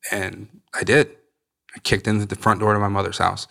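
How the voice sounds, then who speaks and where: A young man with a fairly low voice tells his own story as a podcast guest. He talks bluntly and swears casually, and he acts out the voices of the people he quotes. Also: flat delivery, a little fast, gravelly, bright, forceful tone. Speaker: guest sharing recovery story. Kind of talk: candid storytelling.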